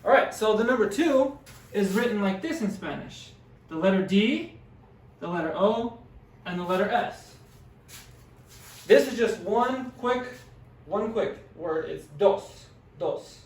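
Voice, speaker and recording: A man's voice: high voice, animated, measured pace, pauses often. A man teaching a classroom language lesson, patiently sounding out words and encouraging his students. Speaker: Spanish teacher. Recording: echoey room, distant mic.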